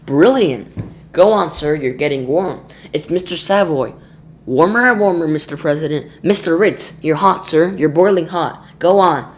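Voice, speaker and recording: A man voicing a nervous, twitchy male chief spy in a storybook, with a falsetto and a fawning manner. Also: normal speed, close to an everyday voice. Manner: fawning, eager to please.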